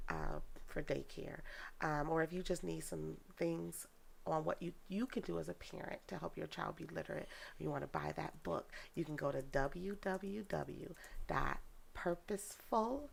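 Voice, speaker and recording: Gravelly-voiced woman educator, lively. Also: lowish voice. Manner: lively storyteller, laughs often. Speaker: guest, educator and daycare owner. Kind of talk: casual interview talk.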